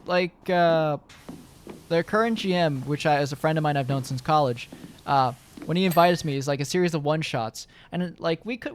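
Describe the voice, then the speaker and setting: A man's voice: fairly high pitch, a little hiss or hum. A young man streaming, chatting casually to his viewers in a rambling way, full of fillers and swearing.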